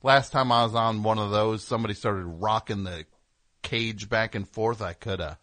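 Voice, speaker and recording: A man's voice: on the low side, steady tone, moderate pace, fairly bright tone, no room sound. A man from New Jersey hosting a call-in radio talk show, riffing in a sarcastic, ranting comic way.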